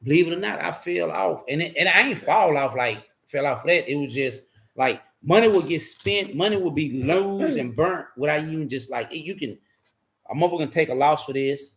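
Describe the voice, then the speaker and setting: Gravelly man telling a rough story. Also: a little high, expressive, moderate pace, a bit bright. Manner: profane, rambling, repeats phrases. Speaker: guest telling his life story. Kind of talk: candid conversational storytelling.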